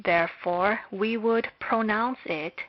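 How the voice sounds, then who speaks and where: Very slow, deliberate woman lecturing. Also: mid-range voice. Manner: measured, deliberate delivery with long pauses. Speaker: Hebrew lecturer. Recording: dull lo-fi recording.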